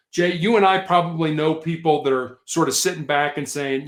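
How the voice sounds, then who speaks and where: Man, guest author, earnest emphatic storyteller; a touch high, echoey room. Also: moderate pace, few pauses. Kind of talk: podcast interview.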